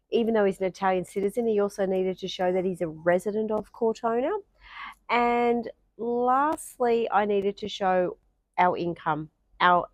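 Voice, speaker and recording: Aussie woman vlogging, kinda low voice, lots of ums, dry close sound. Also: dry recording. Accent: Australian. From Australia. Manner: chatty, many ums and restarts. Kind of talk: casual explanatory vlog.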